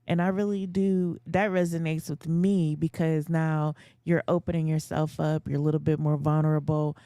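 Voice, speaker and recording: Supportive podcast co-host, mellow voice. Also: mid-range voice, little pitch movement, moderate pace, clear, resonant tone, no echo, clean studio sound. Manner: supportive, frequent short agreements. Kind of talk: casual podcast chat.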